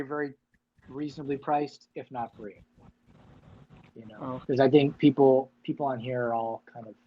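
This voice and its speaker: A man's voice: medium pitch, muffled recording. A man hosting a casual livestream chat, talking loosely with many fillers and restarts. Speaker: livestream host.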